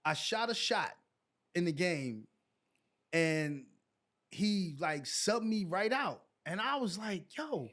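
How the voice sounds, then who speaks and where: A man from New York tells stories in a loose, casual way, and his voice sits unusually high for a man. He acts out quoted lines in a raised, lively voice before dropping back into the telling. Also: takes it slowly. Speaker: guest, former pro basketball player. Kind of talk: casual storytelling.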